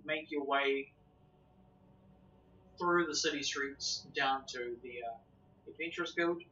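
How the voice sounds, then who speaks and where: Bright-voiced male game master. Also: medium pitch, takes it slowly, a little hiss or hum. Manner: stammering, casual narration. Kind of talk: narrating a tabletop game. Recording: echoey, dull, distant mic with faint music.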